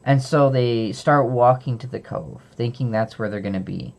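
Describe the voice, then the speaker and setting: A man's voice: medium pitch, moderate pace, creaky. A young man casually retelling a book's story off the cuff, with fillers and self-corrections. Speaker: book reviewer. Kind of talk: unscripted book summary.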